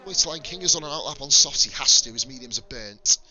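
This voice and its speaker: Sweary northern English race commentator. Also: male voice, mid-range voice, lively intonation, fast, pushed and bright, low-quality recording. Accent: northern English mixed with Welsh. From northern England. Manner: swears freely, banters with viewers. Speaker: sim racing commentator. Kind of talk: live-stream race commentary chatting with chat.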